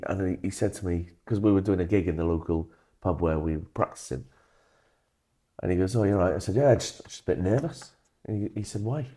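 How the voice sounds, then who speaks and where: A man's voice: low-pitched, mellow. A man in casual conversation who tells a personal story with a self-deprecating touch. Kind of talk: casual chat.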